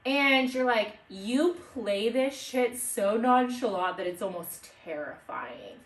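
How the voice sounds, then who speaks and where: A woman's voice: on the high side, takes it slowly. A young woman co-hosting a podcast, telling stories with lots of swearing and acted-out quotes. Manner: animated storytelling, swears freely, acts out quotes. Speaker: podcast co-host. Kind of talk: casual chat. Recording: echoey room, mic at a distance.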